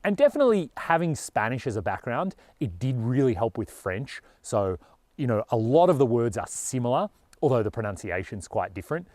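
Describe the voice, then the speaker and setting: A man's voice: mid-range voice, very animated, a little fast, darkish tone, dry recording. A man with an Australian accent talking earnestly and casually to camera as a travel vlogger, with a lot of "you know".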